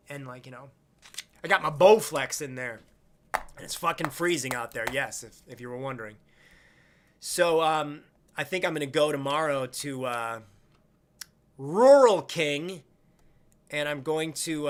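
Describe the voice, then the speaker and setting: Bright-voiced man rambling on a stream. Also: on the high side, a little hiss or hum. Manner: rambling, crude, jokey. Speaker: live-stream host. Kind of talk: casual live-stream chat.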